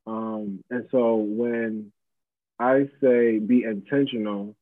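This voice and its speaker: A man's voice: on the low side, level tone, slow pace, no room sound. A man in his mid-twenties, a guest in a casual interview, talking in a laid-back, reflective way with many fillers. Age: 20s. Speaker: guest, pop-up shop organizer. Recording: tinny phone-line sound.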